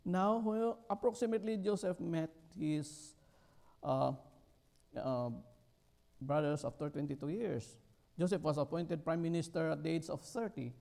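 Gravelly middle-aged man preaching haltingly. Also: on the high side, a little mellow. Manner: halting, with many fillers and restarts, rising emphatically on key words. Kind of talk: sermon.

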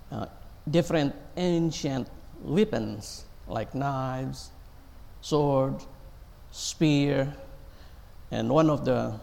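A man preaching a sermon, speaking slowly and haltingly with many fillers and pauses. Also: mid-range voice, gravelly, a little mellow, big-room sound.

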